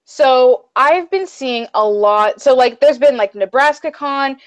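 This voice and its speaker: A high-voiced woman chats casually as a co-host of a fan show. She rambles and gushes with excitable fangirl energy. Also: measured pace, rough recording. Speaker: podcast co-host. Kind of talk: casual chat.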